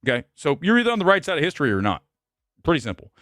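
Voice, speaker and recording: A man's voice: very animated, very fast, no room sound, studio quality. Blunt opinionated man hosting a movie chat. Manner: blunt, opinionated, swings between loud outbursts and low mutters. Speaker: film talk show host. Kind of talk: live movie review chat.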